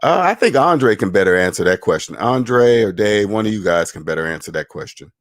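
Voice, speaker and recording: A man's voice: on the low side, animated, fairly quick, no echo, clean studio sound. A man hosting a money channel, lecturing in casual livestream commentary, emphatic and repetitive, answering viewer chat. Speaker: finance channel host.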